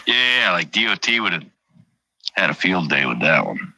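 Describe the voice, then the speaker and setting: On a casual livestream, a truck driver rambles along, cursing constantly and cracking jokes as he goes. His deep voice swings widely in pitch, with a sharp tone and moderate pace. The recording is rough.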